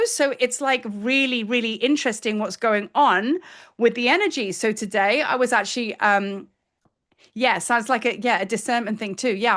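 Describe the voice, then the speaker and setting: A woman in her fifties talks through a spiritual lesson in a casual, chatty way, acting out her own thoughts as she goes. Her voice sits a little high for a woman. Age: 50s. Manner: animated, chatty, acts out her own inner voice. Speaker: spiritual teacher. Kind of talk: casual spiritual teaching talk.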